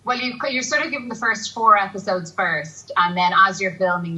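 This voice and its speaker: Bright-voiced chatty actress. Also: female voice, medium pitch, brisk, hardly any pauses, recorded from a distance, poor audio. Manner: chatty, laughing often, rambling with restarts. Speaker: actress guest. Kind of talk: casual TV chat. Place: TV studio.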